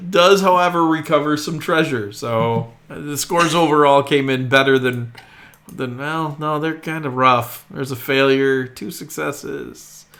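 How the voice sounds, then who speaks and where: A man's voice: on the high side, measured pace, a bit bright. A man narrating as game master in a tabletop game, in a loose, chatty way with frequent ums and self-corrections.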